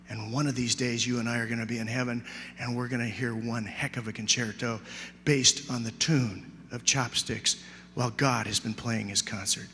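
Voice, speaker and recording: A middle-aged man giving an animated sermon to a youth convention, telling a story with big swings from shouts to hushed whispers. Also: medium pitch, a little fast, a little hiss or hum. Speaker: youth speaker. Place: large convention hall. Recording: live hall recording with long reverb.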